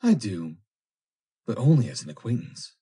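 A man's voice: mid-range voice, wildly swooping pitch, normal speed, dark tone, slightly rough, voice pushed up, exaggerated voice. A man voicing a proud young woman who coolly rebuffs an insistent suitor, in a prim, reproving manner.

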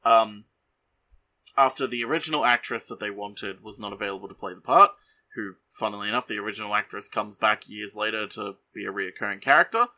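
Man with a low voice and a bright tone, podcast co-host, casual trivia, halting with lots of ums. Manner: halting, full of ums and likes.

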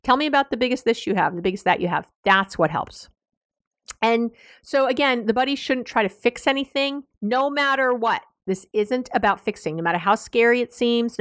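Animated American woman therapist, dry close sound. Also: medium pitch, dry recording. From United States. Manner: animated, laughing, restarting mid-sentence. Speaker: therapist and podcast host. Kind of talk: casual advice talk.

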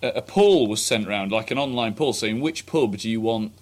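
A man's voice: lowish voice, expressive, normal speed. A man co-hosting a casual comedic podcast, teasing and telling rambling stories. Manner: jokey, teasing, rambling storyteller. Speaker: podcast co-host.

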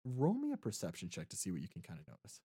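A man's voice: deep voice, huge pitch swings, fast, dark tone, breathy edge. A man narrating and voicing characters as game master of a tabletop game, with a hesitant manner. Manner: hesitant, lots of ums and restarts.

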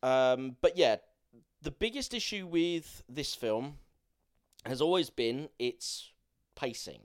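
A man's voice: medium pitch, lively intonation, takes it slowly. A man talks through a film on a podcast in loose, enthusiastic, rambling chat. He has a mid-range voice and swears casually as he goes. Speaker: podcast co-host.

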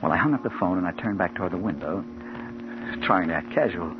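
An actor playing a hard-boiled crime reporter in a 1940s radio drama, narrating in a terse, urgent first-person voice. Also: male voice, low voice, animated, fast talker. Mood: brooding. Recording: old radio broadcast, dull with faint hiss.

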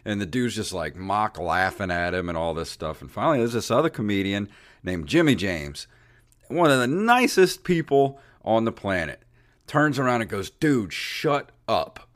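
A man's voice: on the low side, moderate pace. A man co-hosting a podcast, telling a long anecdote in casual chat and acting out the people in it. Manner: animated, acts out voices in anecdotes. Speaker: podcast co-host. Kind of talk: casual storytelling.

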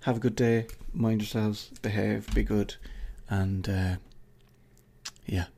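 A middle-aged Irish podcaster takes it slowly in a fairly low, level, creaky and mellow voice. His casual solo outro wanders, with swearing, jokes and comments to a colleague he's only imagining.

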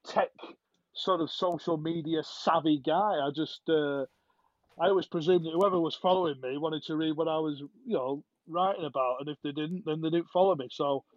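A man co-hosting a casual football podcast, self-deprecating and quick to laugh, heard over a dull lo-fi line. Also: fairly high pitch, no room sound. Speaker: podcast co-host.

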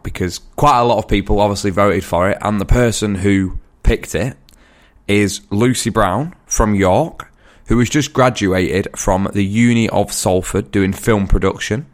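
A man co-hosting a show. He introduces a segment in a plain, dry manner, and his voice sits low. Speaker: radio co-host.

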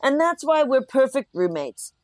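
A woman's voice: high voice, very animated, moderate pace, dry recording. A woman voicing an easygoing, sheepish bearded troll in a comedy sketch, cheerful and giggly.

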